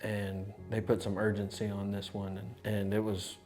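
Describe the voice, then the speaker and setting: A low-voiced man recounts his experience for a documentary, talking in a loose, conversational way full of restarts and asides. Music plays clearly underneath him. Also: normal speed. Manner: conversational, animated, with many restarts. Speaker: insurance adjuster. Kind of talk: documentary storytelling.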